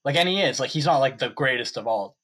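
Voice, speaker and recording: A man's voice: mid-range voice, lively intonation, quick pace, a bit bright. Rambling young man co-hosting a podcast. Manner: rambling, full of likes and restarts. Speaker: podcast co-host. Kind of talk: casual chat.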